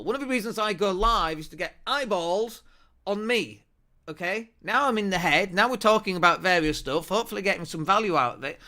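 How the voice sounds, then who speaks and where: A man hosting a marketing show, talking straight to a desk camera. His voice sits high and rings bright and forceful. He presses his points home with energetic emphasis. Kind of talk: to-camera business talk.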